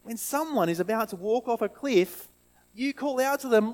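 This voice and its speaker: A man who reads a scripture passage and then leads a lively children's talk in church, asking the children questions and having them repeat lines back. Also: sits high, normal speed, low-quality recording. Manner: animated, asks children questions and leads call-and-response.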